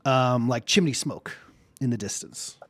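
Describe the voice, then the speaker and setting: A man's voice: medium pitch, measured pace, fairly bright tone, no room sound. A man narrating as game master of a tabletop game, rambling with many fillers.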